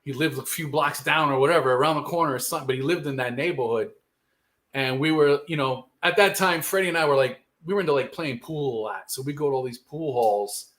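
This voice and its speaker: A man's voice: a little high, fairly quick, fairly bright tone. A man, a guest telling a long rambling story in casual, profane street slang. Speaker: guest musician.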